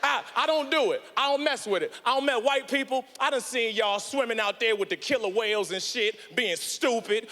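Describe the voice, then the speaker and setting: A man performing an animated stand-up set on a big theater stage, shouting his punchlines and acting out voices into a handheld mic, with live hall reverb. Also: extremely high pitch, brisk, few pauses. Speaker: stand-up comedian.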